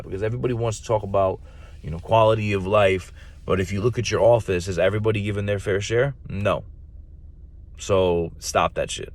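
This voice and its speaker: A man in his thirties, a Marine recruiter, talking casually and bluntly with profanity and slang. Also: fairly low pitch. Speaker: podcast host, Marine recruiter. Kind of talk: casual chat.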